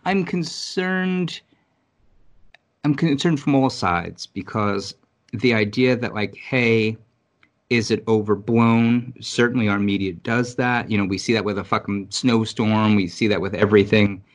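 Low-voiced profane New York man rambling. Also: normal speed. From New York City. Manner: rambling, profane, animated storytelling. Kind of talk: casual conversation. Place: Virginia.

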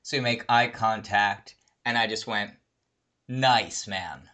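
Casual storyteller, male, brash and profane, with a bright, tense edge to the voice. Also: on the low side, normal speed. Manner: animated, swears a lot, acts out quoted people. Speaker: guest telling a story.

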